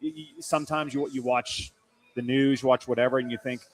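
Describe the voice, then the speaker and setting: A man's voice: mid-range voice, steady tone, a little fast. A male co-host on a live talk show. He speaks in a plain voice and stumbles over his words as he talks, repeating them often. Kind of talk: casual talk show chat.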